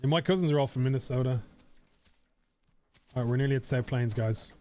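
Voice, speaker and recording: A man's voice: mid-range voice, brisk, warm tone, no echo. A young man with an Irish accent, chatting casually and rambling while streaming a game. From Ireland. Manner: rambling, chatty, swears casually, frequent fillers. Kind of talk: casual live-stream chat while gaming.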